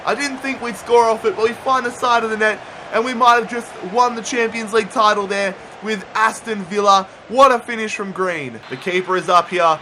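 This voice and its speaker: A man commentating his own football video game match, muttering through tense play and yelling at big moments. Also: high-pitched, normal speed, hardly any pauses, a little hiss or hum. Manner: swings from muttering to shouting at goals. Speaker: gaming YouTuber. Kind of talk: excited play-by-play gaming commentary.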